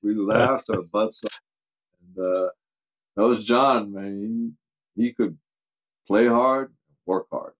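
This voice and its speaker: An older man with a very low, deep voice spins casual stories from his coaching days. He laughs easily and slips into the voices of the people in his tales. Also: takes it slowly, pauses often, poor audio. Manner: animated anecdotes, acts out quoted voices, laughs often. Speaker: football coach guest. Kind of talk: casual storytelling interview.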